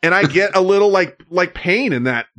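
A man's voice: high-pitched, animated, normal speed, fairly bright tone. A man co-hosting a stream in rambling, casual talk, swearing often, with loose asides and fillers. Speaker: stream co-host. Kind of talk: casual profane chat.

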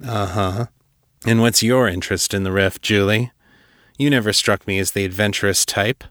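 A guarded man with a fairly low voice answers in short, dry lines, as a man reads him. He stays wary and on edge in this narrated story. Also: normal speed, a bit bright, dry recording, close to an everyday voice.

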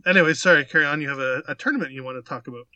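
A man's voice: fairly high pitch, racing, dry recording, lo-fi sound. A man casually telling a funny anecdote as a podcast co-host, acting out quotes and swearing freely. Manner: animated anecdote teller, swears, acts out quotes. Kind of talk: casual chat, storytelling.

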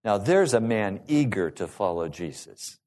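A male pastor preaching a sermon to his congregation in an animated, rising and falling delivery. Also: lowish voice, unhurried.

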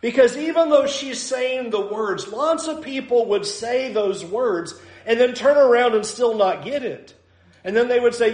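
A man's voice: extremely high pitch, expressive, measured pace, a little mellow, reverberant. A man preaching a sermon in a conversational, self-deprecating way, acting out little asides. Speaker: pastor.

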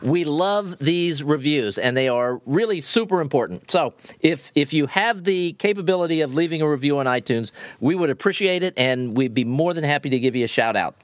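Lively man co-host in a dry room. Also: fairly high pitch, fairly quick, hardly any pauses, no echo. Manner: upbeat, reads listener reviews aloud. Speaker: podcast co-host. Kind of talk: casual podcast chat.

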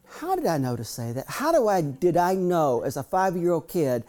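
A man in his fifties tells personal stories to a room. His voice is warm and mellow, and he talks in a folksy, frank manner, often restarting his sentences. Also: fairly high pitch, very animated, moderate pace. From Southern US. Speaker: speaker reading from his memoir. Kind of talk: storytelling talk.

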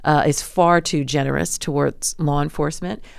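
Woman attorney guest on radio, gravelly but smooth voice, measured explanations, dry studio sound. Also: deep voice, fairly even intonation, no room sound. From New York City. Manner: measured, explanatory, with fillers and restarts. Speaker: civil rights attorney, guest. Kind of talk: radio interview.

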